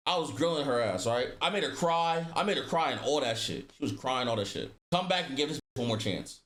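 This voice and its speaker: A man's voice: medium pitch, lively intonation, a little fast, few pauses, a bit bright. A man telling a personal story in casual storytime style, slangy and profane, acting out the dialogue with voice shifts. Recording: roomy echo.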